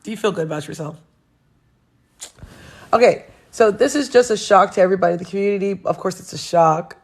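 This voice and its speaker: A young woman hosts her own casual show, reading news stories aloud and reacting with blunt, sarcastic commentary. Her voice sits at a middling pitch with a gravelly, fry-tinged edge. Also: brisk. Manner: blunt, sarcastic, laughs often. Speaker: show host.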